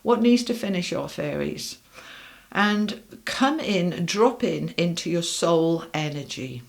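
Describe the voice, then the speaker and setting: A woman's voice: fairly low pitch, animated, slow pace, gravelly. A middle-aged woman giving a casual tarot reading, chatting to viewers in an upbeat way and speaking straight to them. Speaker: tarot reader.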